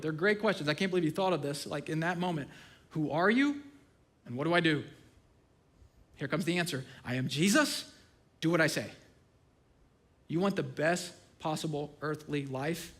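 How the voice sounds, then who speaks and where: A man in his thirties delivers a sermon in a casual, storytelling manner, his voice sitting a little higher than most men's. He swings from loud, excited bursts down to quiet, hushed asides. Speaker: pastor.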